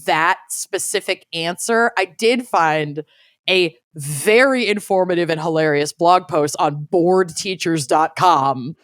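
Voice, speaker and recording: A woman co-hosting a casual podcast, chatty and jokey with an animated delivery, on a close mic. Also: on the low side, takes it slowly, dry recording. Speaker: podcast co-host.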